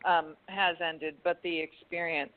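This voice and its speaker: A woman guest in a radio interview, talking thoughtfully and hesitantly, with many pauses and ums. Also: fairly low pitch, level tone. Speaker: arts foundation founder, guest. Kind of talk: conversational interview. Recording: tinny phone-line sound.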